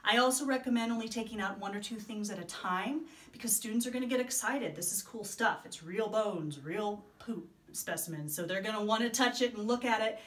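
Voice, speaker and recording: A woman's voice: medium pitch, brisk, hardly any pauses, fairly bright tone. A woman explaining training materials to volunteers in a friendly, chatty way, with many ums and asides. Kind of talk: instructional training video.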